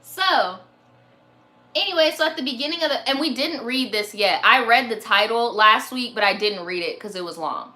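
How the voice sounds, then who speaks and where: Bright-voiced chatty young woman. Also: on the high side, lively intonation, normal speed. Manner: chatty, slangy, laughs often, swears. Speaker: host reading viewer stories on a live stream. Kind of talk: casual chat.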